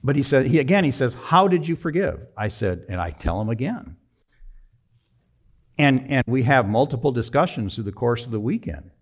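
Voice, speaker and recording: A man in his sixties telling a personal story in a sermon, conversational and emphatic, with sudden drops to a low, quiet voice. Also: expressive, normal speed. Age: 60s. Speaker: preacher.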